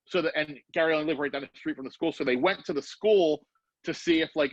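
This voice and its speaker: Animated storyteller man, dry and dull sound. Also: a little high, fairly quick, dry recording. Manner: animated storyteller acting out quoted voices. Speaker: podcast guest. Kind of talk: casual storytelling.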